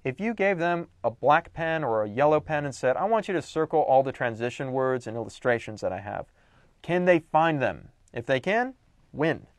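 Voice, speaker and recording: A man's voice: mid-range voice, expressive, normal speed, dry recording. A young adult man giving a recorded lecture on writing, teaching with emphatic, playful exaggeration.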